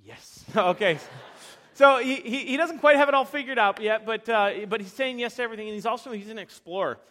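A young male pastor preaches a sermon to a live audience, sharing animated, self-deprecating personal stories and often restarting his sentences. His voice is high and bright, his pace a little fast, and he stays lively from one story to the next.

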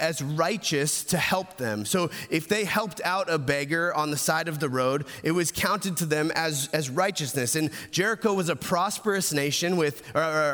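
A man preaching a sermon, retelling a scripture passage with frequent restarts, building to urgent emphasis and falling to a hushed close. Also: fairly high pitch, in a large hall. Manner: repeats words and restarts, grows louder and more urgent, then drops soft. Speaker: pastor.

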